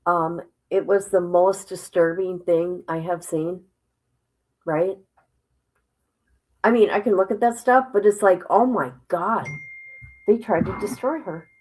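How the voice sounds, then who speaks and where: A woman hosting a casual livestream, reading a report aloud haltingly and breaking off with exclamations and asides to her viewers. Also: on the low side, steady tone, darkish tone, low-quality recording. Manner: drops into whispers at times. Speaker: livestream host.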